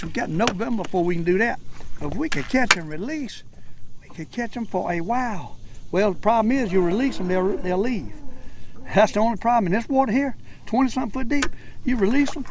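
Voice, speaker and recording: An older man with a Southern US accent giving excited, folksy commentary while fishing from a boat. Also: high-pitched, background noise. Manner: excitable, folksy, talks to himself and viewers. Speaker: fishing vlogger. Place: outdoors on a boat on a lake.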